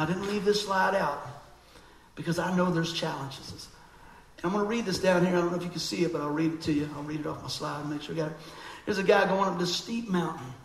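High gravelly guy preaching, animated and chatty, echoey room with a bit of hiss. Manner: animated, conversational, acts out quoted voices. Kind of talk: sermon.

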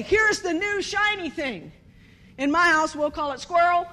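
A woman giving a humorous sermon, animated and storytelling, acting out bits of dialogue and laughing often. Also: high-pitched. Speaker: speaker at a church service.

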